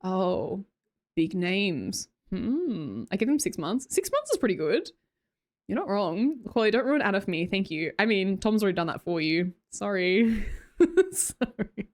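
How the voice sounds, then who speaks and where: A woman's voice: mid-range voice, very animated, a little slow. Chatty Australian woman streaming. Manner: chatty, laughs often, reads chat comments aloud. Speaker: livestream host. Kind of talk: casual chat reading viewer messages.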